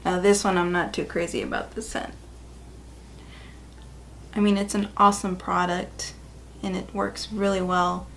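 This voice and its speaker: A woman narrates a makeup tutorial in a casual, chatty tone, speaking straight to her viewers. Her voice carries a gravelly fry. A faint hum of background noise sits under her words. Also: on the low side, little pitch movement, a little slow, long pauses, a bit bright. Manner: chatty and upbeat, addresses viewers directly. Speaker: beauty vlogger.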